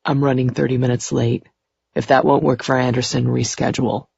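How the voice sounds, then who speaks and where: A woman voicing a commanding, wealthy young man who talks in a low, smooth, clipped way. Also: flat delivery, brisk, a little mellow, no room sound, heavily acted. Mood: curt. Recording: dry, dull muffled recording.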